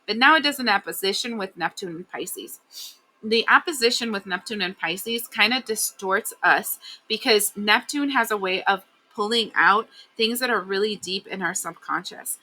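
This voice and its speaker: A woman's voice: medium pitch, bright, forceful tone, poor audio. A woman astrologer talking loosely through a weekly forecast, with many fillers and asides. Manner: rambling, loose, full of fillers.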